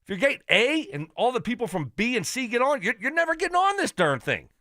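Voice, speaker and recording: A man hosting a sports radio show, telling a story in an animated, exasperated rant. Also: very high-pitched, fast, no echo, clean studio sound. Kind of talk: casual radio chat.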